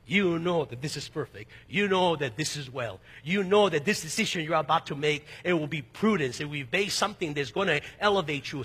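Man preaching a sermon, high voice, husky edge, emphatic, long hall reverb. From East Los Angeles, United States. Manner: emphatic, rising to loud peaks; conversational asides and personal stories. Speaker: pastor.

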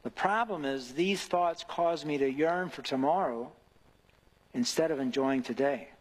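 A man's voice: on the high side, a little slow, breathy edge, long reverb tail, low-quality recording. A man preaching an earnest devotional sermon who builds to emphatic rhetorical questions.

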